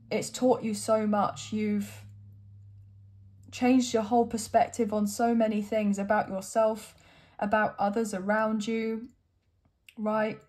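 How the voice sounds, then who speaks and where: A woman's voice: mid-range voice, a little mellow. A young adult woman giving an encouraging, emotional tarot reading to her viewers, at times choked up. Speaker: tarot reader.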